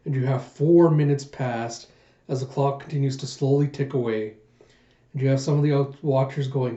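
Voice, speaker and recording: A man's voice: medium pitch, fairly even intonation, moderate pace, mellow. A man hosting a manga reaction, retelling the chapter in a loose, rambling way, in a muffled echoey room recording. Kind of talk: casual recap narration.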